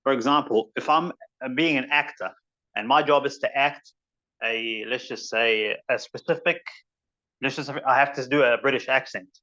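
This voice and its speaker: A man's voice: mid-range voice, normal speed, bright, forceful tone, highs cut off. A man with a New Zealand accent teaching a tajweed class online in a casual, rambling way, now and then reciting Arabic verses. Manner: informal, rambling explanations with recited Arabic phrases.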